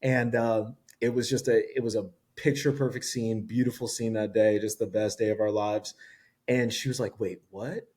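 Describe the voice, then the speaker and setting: A man, a podcast guest, telling a story in a casual, animated way and acting out what people said. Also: lowish voice, normal speed. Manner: animated storyteller, acts out quotes. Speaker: interview guest.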